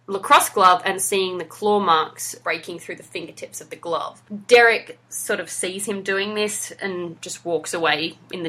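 A woman's voice: lowish voice, sharp tone. A woman hosting a podcast, enthusiastically recapping a TV episode in casual chat. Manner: enthusiastic, recounts scenes and quotes. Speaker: podcast host.

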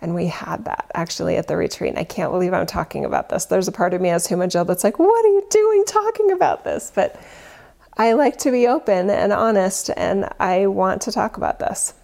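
A woman's voice: on the low side, steady tone, a little fast, vocal fry, few pauses, a little mellow. A woman who leads spiritual retreats, talking casually and earnestly, rambling and correcting herself as she goes. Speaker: spiritual teacher and retreat leader.

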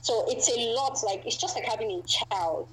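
A woman's voice: on the high side, normal speed, a bit bright, husky, low-quality recording. A woman guest in a casual chat, talking thoughtfully with many fillers.

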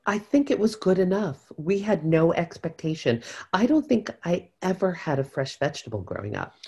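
A middle-aged woman from upstate New York, chatting casually as a podcast co-host, emphatic and opinionated with sudden loud stresses and low asides. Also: very animated, normal speed, breathy edge. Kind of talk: casual chat.

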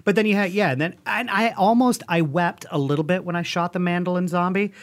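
A man's voice: sits high, fairly quick. A man co-hosting a comedy podcast, chatting casually with playful, jokey asides. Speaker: podcast co-host.

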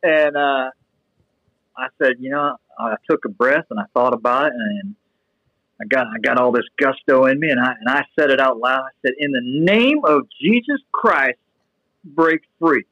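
Animated rambling man telling a story. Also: medium pitch, normal speed, no echo, highs cut off. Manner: animated, rambling with restarts and fillers. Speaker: guest sharing testimony. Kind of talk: casual storytelling.

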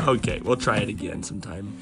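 Here a dad who runs a podcast brings a farm story to life for his kids, making animal sounds in a fun, animated manner. He has a medium-pitched voice.

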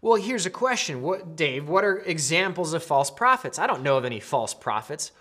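A man's voice: on the high side, very animated, normal speed, fairly bright tone. A man giving an earnest, conversational Bible lesson to camera, often restarting mid-sentence. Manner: conversational, earnest, with frequent restarts and shifting pace. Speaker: Bible teacher. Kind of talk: casual video teaching.

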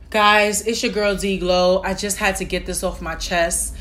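A woman vlogger speaking slowly and deliberately in an emotional solo video, holding back tears. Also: mid-range voice, fairly even intonation, fairly bright tone, slight background noise. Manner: slow, deliberate reciting with heavy pauses. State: close to tears.

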